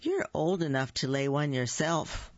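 A woman's voice: low voice, measured pace, no room sound. A woman doing cackling motherly hens. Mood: encouraging. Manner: cackling, encouraging. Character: flock of older hens, cackling and firm. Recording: dull lo-fi dry recording.

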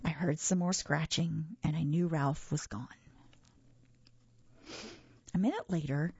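Woman storyteller, low and gravelly, very animated pitch, dry close sound. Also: measured pace, pauses often, dry recording, muffled recording. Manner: expressive read-aloud with lively pitch. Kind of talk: children's story read aloud.

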